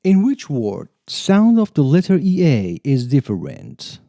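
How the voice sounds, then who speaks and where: A man reading English lesson phrases and example sentences in a slow, deliberate drill style. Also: medium pitch, wildly swooping pitch, gravelly, mellow, no room sound, clean studio sound. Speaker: English teacher.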